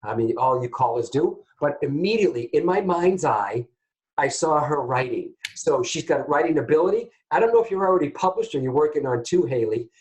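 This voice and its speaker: A man hosting a call-in psychic reading show, chatty and animated, often turning to address his listeners. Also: fairly high pitch, a little fast, low-quality recording. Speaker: psychic medium host.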